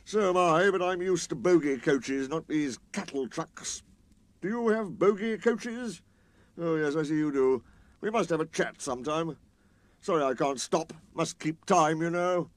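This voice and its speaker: A man's voice: on the high side, unhurried, no room sound, pitched above the performer's own voice, natural voice. A man voicing a grumpy, conceited male steam engine in a storybook reading, with a haughty, complaining manner.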